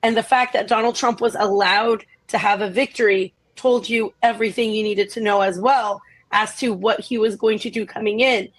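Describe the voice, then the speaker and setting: A woman's voice: medium pitch, steady tone, normal speed, few pauses, rough recording. A woman giving casual political commentary in a pointed, emphatic way.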